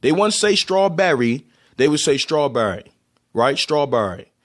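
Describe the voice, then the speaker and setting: This vlogger is a man from Baltimore, USA, who casually explains and demonstrates how words are pronounced in his Baltimore accent, restarting loosely as he goes. His voice is on the high side, with lively intonation at a normal speed.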